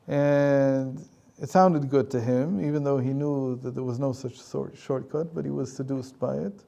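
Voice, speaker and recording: A man's voice: mid-range voice, steady tone, measured pace, gravelly, few pauses, dark tone. A man, a rabbi and teacher, telling a story in a conversational lecture with frequent chuckles.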